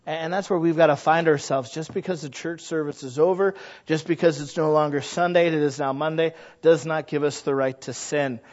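A man's voice: fairly high pitch, steady tone, brisk. A man preaching a sermon in an earnest, conversational way, often asking rhetorical questions. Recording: dull lo-fi recording.

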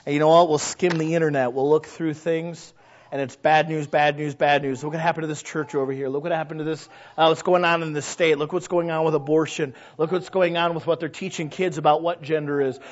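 A man preaching a sermon, talking conversationally to the congregation and often asking them questions, then building from quiet asides into loud, emphatic exclamations. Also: fairly high pitch, steady tone, a little fast. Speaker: pastor. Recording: muffled lo-fi recording.

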